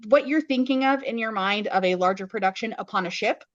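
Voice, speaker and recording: A woman co-hosting a podcast in casual chat, recapping a story in detail with wry, deadpan asides. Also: mid-range voice, fairly quick, dry recording. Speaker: podcast co-host. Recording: dull lo-fi podcast audio.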